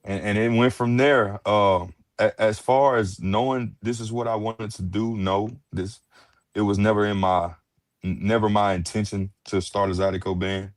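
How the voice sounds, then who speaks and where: A man's voice: on the low side, steady tone, normal speed, no room sound. A man from Houston, a musician guest talking easily in an interview, full of restarts and polite replies. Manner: easygoing, many restarts and "uh"s, polite "yes, ma'am". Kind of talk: casual interview chat.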